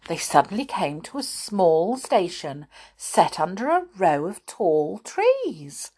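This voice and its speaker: A woman reading a children's storybook aloud, unhurried, breaking off for chatty asides to her listeners. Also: fairly low pitch, very animated, mellow, slightly rough.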